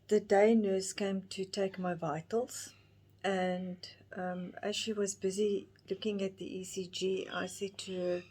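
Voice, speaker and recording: A woman in her fifties telling her own story to camera in a halting, emotional way, with many restarts. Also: mid-range voice, darkish tone, slight background noise. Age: 50s. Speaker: vlogger. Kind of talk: personal storytelling.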